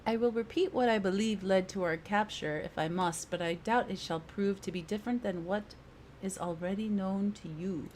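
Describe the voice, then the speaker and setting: A woman's voice: mid-range voice, moderate pace, a little mellow, slight background noise, lightly acted. A woman voicing a stern adult woman adventurer in a put-on British accent, reading game dialogue in a formal, declamatory way. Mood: resolute.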